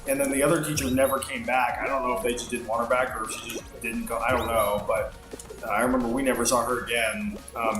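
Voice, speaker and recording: A man's voice: mid-range voice, reverberant. A man telling a rambling, profane story while playing a game, full of fillers. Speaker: streamer. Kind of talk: casual storytelling while gaming.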